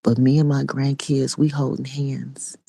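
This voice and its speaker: A woman's voice: very deep voice, little pitch movement, a little slow, gravelly, mellow, husky, no echo. A middle-aged woman and online preacher giving an impassioned spoken testimony in a repetitive, raw preaching cadence.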